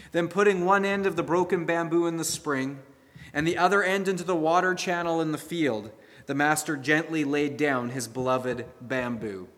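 Male preacher, sermon with a fable, earnest storyteller, slightly high voice, reverberant hall. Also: fairly bright tone.

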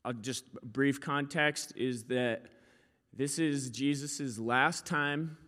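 A man's voice: mid-range voice, slow, long reverb tail. A young man preaching a sermon as pastor, in a casual, storytelling way with frequent fillers. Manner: casual, storytelling, animated when quoting.

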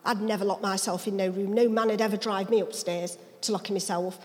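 A woman's voice: medium pitch, a little fast. A woman pastor from England, telling her life story as an interview guest in a church, acting out the voices of people in it. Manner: lively dialect storyteller, acts out voices. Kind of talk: personal testimony storytelling. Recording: reverberant church hall.

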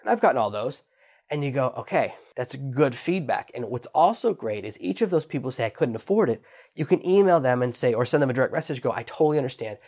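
A man's voice: medium pitch, expressive, fast talker, a little mellow. A man teaching online sales in a chatty monologue, acting out quoted lines in a raised voice. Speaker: online business instructor.

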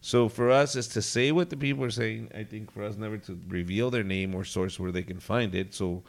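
A man's voice: lowish voice, a little fast, creaky. A man co-hosting a podcast, making his points emphatically, with plenty of swearing. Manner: emphatic, lecturing, profane. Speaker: podcast co-host. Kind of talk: casual chat.

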